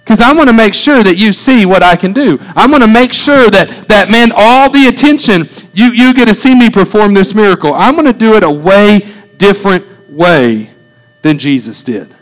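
A pastor with a drawl preaches in a folksy, animated way, his voice sitting high for a man. He keeps turning to the congregation with quick rhetorical asides and questions. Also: low-quality recording. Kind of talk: sermon.

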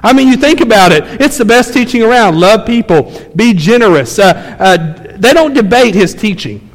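A man's voice: high voice, animated, normal speed. A male pastor preaching a sermon in a church, emphatic and conversational, telling stories to his congregation. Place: church sanctuary. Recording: long church hall reverb.

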